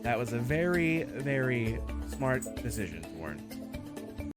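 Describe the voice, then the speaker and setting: A man streaming live, playing host of a game-show game with playful, animated patter. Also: medium pitch, slow pace. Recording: stream with music playing behind. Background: background music.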